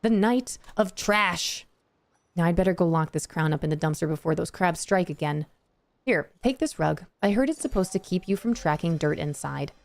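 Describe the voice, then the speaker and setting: Game pixie king, male, whiny and self-pitying, slightly gravelly read by a woman in her own voice. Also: fairly low pitch, lively intonation, moderate pace. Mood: sulky grandiose. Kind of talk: reading game dialogue aloud.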